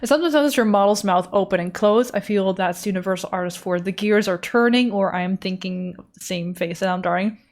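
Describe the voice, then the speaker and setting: A woman's voice: mid-range voice, fast, hardly any pauses. A young woman chatting casually and rambling while she draws on a live stream, laughing at herself often. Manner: rambling, giggly, self-deprecating. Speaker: art streamer.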